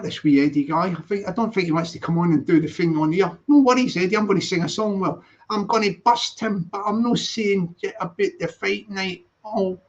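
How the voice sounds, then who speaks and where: A Scottish man hosting a casual live stream, upbeat and chatty, repeating his greetings. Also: high-pitched. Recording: dull lo-fi sound.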